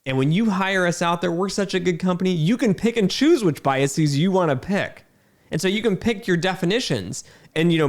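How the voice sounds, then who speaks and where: A man ranting in a frustrated, emphatic way, repeating himself with fillers and restarts. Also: fairly high pitch. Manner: irritated and incredulous. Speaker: video host. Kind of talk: frustrated talking-head rant.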